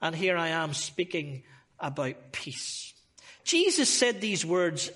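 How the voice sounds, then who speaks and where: A man's voice: a little high, big pitch swings, slow pace, bright, forceful tone. A man with a Northern Irish accent preaching a sermon as a guest speaker, opening with humorous, chatty asides. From Northern Ireland.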